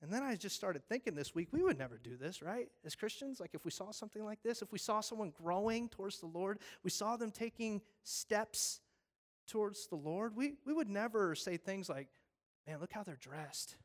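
A man preaching a sermon, animated, acting out scenes with voices and pleading earnestly. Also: high-pitched, moderate pace. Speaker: pastor.

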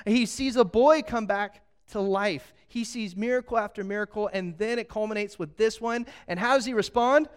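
A man's voice: high voice, normal speed, hardly any pauses, clear, resonant tone. A man preaching a sermon, telling a Bible story with humor and acting out the characters' lines. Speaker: pastor.

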